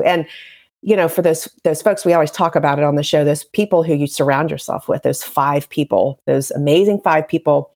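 Upbeat woman hosting, low voice. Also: steady tone, fairly quick, darkish tone. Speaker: podcast host, dental hygienist. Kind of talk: scripted intro then casual interview chat.

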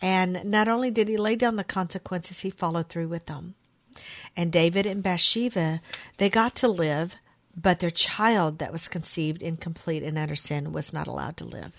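A woman with a lowish voice co-hosts a faith chat. She chimes in with warm agreement and reads scripture aloud at a slow, careful pace. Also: vocal fry, no echo. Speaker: podcast co-host.

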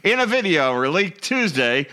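A man's voice: on the high side, sing-song, moderate pace, sharp tone. A man hosting a comedic political show, mocking the news and laughing often. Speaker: host.

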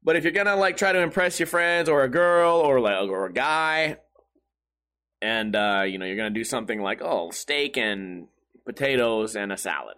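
A man's voice: mid-range voice, moderate pace, pushed and bright. A young man telling rambling, profane stories in a casual solo talk show. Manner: profane, rambling, self-mocking. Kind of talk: casual crude storytelling monologue.

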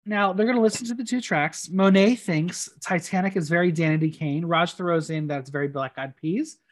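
A podcast host recapping a TV episode in a playful, animated way, with a casual chat feel. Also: medium pitch, brisk.

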